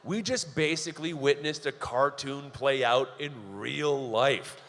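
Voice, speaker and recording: A man's voice: mid-range voice, a bit bright. A young Canadian man doing stand-up comedy, telling sardonic, profane stories. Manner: sardonic, profane, brisk storytelling. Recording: long reverb of a live venue hall.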